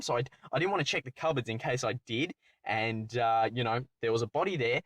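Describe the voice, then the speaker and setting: A young man, telling a personal story as a channel host in a rambling, excitable way, correcting himself often. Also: medium pitch, brisk, few pauses, no echo. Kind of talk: storytime commentary.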